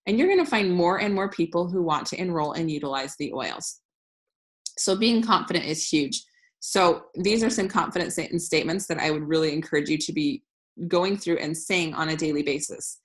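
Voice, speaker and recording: This casual screen-share training on business comes from a woman in her thirties who is upbeat, blunt, and prone to restarts. She speaks a little fast in a low-pitched, slightly bright voice.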